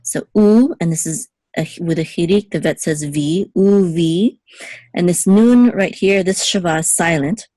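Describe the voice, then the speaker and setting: A young woman with a low voice leads a patient one-on-one Hebrew lesson, spelling out letters and vowels. She checks in often with her student. The recording is dry and close. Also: moderate pace, hardly any pauses, dark tone, no echo. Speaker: Hebrew teacher.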